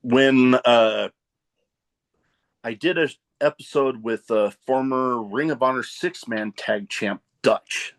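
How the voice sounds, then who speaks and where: Slow-talking, relaxed male podcast host. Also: medium pitch. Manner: relaxed, laughs often, rambling asides. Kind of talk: casual interview chat.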